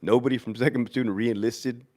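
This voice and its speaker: A man's voice: mid-range voice, steady tone, fairly quick, darkish tone. A man, an army veteran, telling crude stories with lots of swearing and laughter in a casual chat. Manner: crude, profane, laughing storyteller.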